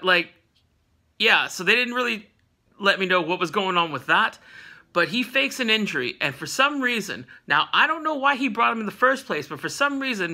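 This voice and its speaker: A man's voice: sits high, bright, forceful tone. A man hosting a casual comic book recap, telling the story in a jokey, slangy way and acting out characters' lines as he goes.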